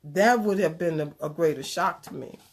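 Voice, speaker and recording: A woman with a slightly low voice tells a personal story in a relaxed, conversational way. She is animated and earnest and slips into preachy asides now and then. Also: moderate pace, husky. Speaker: speaker sharing a personal story. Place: Chicago area.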